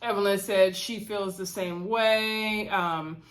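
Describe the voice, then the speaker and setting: A woman's voice: medium pitch, slow. Chatty woman recapping a reality show. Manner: chatty, animated, addresses viewers as y'all. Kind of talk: casual recap chat.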